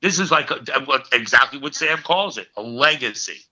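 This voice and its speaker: Bright-voiced older man telling a story. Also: medium pitch, fairly quick. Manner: animated raconteur, punches lines with "okay". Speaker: actor guest. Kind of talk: storytelling in a casual interview. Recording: dull lo-fi recording.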